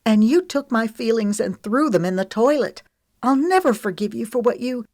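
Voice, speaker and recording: Woman playing a proud emotional young woman, high-pitched, high-strung, tearful, dry audiobook sound. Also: unhurried, no echo, lightly acted. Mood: hurt, angry. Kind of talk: audiobook character reading.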